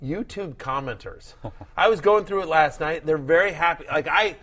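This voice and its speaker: A man with a fairly high voice hosts a casual sports chat, rambling, laughing and getting animated as he tells stories. His talk wanders and picks up speed when he gets excited. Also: moderate pace. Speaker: fantasy football show host.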